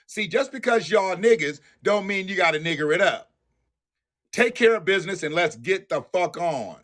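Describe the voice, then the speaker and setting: A man's voice: sits high, animated, moderate pace, fairly bright tone. A man hosting a live-stream commentary show, ranting bluntly and profanely and talking straight to his viewers. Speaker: livestream host.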